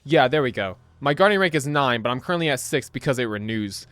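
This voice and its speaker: A man's voice: mid-range voice, animated, quick pace, a bit bright, dry recording. A young man rambling through casual gameplay commentary, laughing often and tossing in slang and "right?" as he talks. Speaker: gaming YouTuber.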